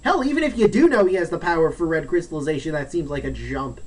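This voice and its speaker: A man's voice: a little high, lively intonation, quick pace, a little mellow. A man talking through a game's plot in an offhand, joking way, often trailing into asides. He sits a little back from the mic, so his voice sounds somewhat distant. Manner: rambling, jokey, acts out character lines. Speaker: let's play host. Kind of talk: casual game story recap.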